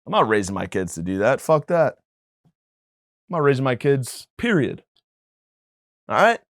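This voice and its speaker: Male comedy podcaster, mid-pitched, swears and rambles, dry close sound. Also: sing-song, normal speed, no room sound. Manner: profane, rambling, mock-indignant. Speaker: podcast host. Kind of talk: comedic monologue.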